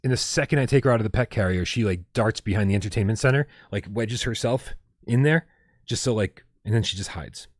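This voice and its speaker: A man co-hosting a casual livestream chat, talking with excitable energy and swearing freely. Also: on the low side, fairly quick, no echo, clean studio sound. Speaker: podcast co-host.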